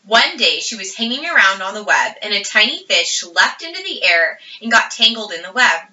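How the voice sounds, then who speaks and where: A woman's voice: mid-range voice, big pitch swings, normal speed, pushed and bright. A woman voicing an eager, imaginative young farm girl who insists on her stories. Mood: earnest. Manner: earnest, insistent storytelling. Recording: roomy, distant, dull audio.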